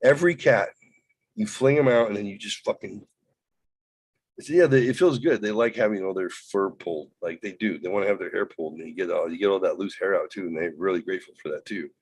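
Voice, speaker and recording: Man, podcast host, husky voice, low pitch, dry close sound, profane rambling story. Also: brisk, dry recording, poor audio. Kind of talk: casual storytelling.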